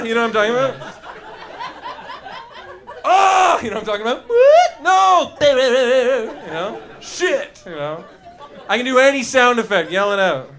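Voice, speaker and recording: A man with a high-pitched, pushed, bright voice performs loose, profane stand-up on a comedy club stage before a live audience. He riffs with the crowd and makes yelping sound effects.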